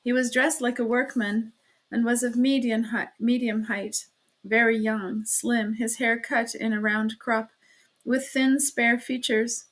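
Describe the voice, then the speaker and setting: A woman reading a classic novel aloud, steady in her narration, with casual asides to listeners. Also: fairly high pitch, measured pace. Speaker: audiobook reader.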